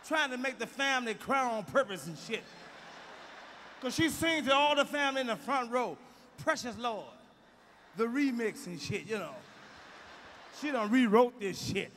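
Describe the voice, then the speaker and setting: Loud profane stand-up comic in a big hall. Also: male voice, extremely high pitch, lively intonation, normal speed, a little hiss or hum. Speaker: stand-up comedian. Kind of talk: stand-up comedy routine. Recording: live stage recording with hall reverb and faint ambience.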